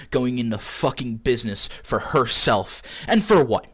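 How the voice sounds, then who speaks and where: A man rants sarcastically through an in-character wrestling promo, swearing at nearly every turn. His voice sits at an ordinary middle pitch. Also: normal speed, few pauses, a bit bright. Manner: profane, ranting, sarcastic.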